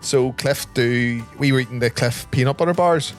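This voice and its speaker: A man's voice: medium pitch, normal speed, soft background music. A man with a Northern Irish accent co-hosting a podcast, telling stories in casual chat and laughing often. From Ireland. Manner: chatty storyteller, laughs often, says "wee". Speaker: podcast co-host.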